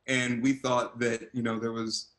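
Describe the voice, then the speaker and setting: A man in his forties, an actor, chatting as an interview guest over a video call and telling stories animatedly, with loud excited quotes. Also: medium pitch, a little slow, poor audio. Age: 40s.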